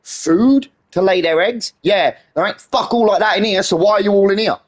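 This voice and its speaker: A man's voice: sits high, normal speed. A man streaming a game, ranting in an exasperated, heavily sweary way. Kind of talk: casual live-stream rant.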